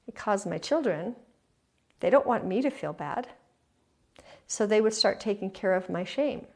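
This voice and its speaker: A middle-aged woman host talking earnestly and confessionally to listeners about her own life, sometimes dropping to a soft hush. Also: medium pitch, unhurried, gravelly, long pauses. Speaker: podcast host. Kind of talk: heartfelt personal talk to listeners.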